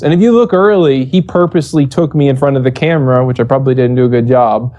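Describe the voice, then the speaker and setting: Brief: animated, profane male coach telling a heated story; warm, relaxed voice. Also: medium pitch, fast talker, hardly any pauses, lo-fi sound. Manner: profane, animated, acts out quoted exchanges. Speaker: esports coach. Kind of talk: casual storytelling interview.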